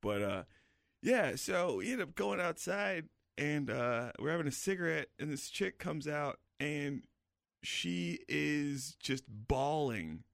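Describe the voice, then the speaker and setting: A man's voice: a little high, animated, takes it slowly, creaky, a bit bright, no room sound, studio quality. A man, a comedian, telling a crude rambling anecdote in casual podcast chat.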